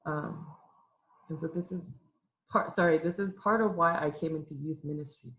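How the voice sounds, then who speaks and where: Young woman, low voice, tearful testimony, candid and emotional, halting with fillers. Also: fairly bright tone, low-quality recording. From Los Angeles, California. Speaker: youth minister giving a testimony. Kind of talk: personal testimony talk. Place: church room with an audience.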